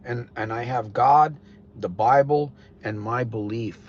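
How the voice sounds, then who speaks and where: A man's voice: mid-range voice, measured pace. A man with a Connecticut accent hosting a live podcast stream, talking casually in a blunt, rambling way with frequent restarts. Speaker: podcast host. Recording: dull lo-fi sound with faint noise.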